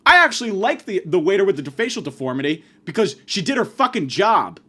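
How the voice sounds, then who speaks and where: A man delivering a profane comedic rant, abrasive and insulting, swinging from yelling to muttering. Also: sits high, big pitch swings, a little fast. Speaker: comedic ranter.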